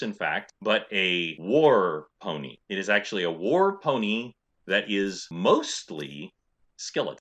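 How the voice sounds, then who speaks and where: A man's voice: lowish voice, bright, forceful tone. A middle-aged man running a tabletop game as dungeon master, narrating playfully with sound effects.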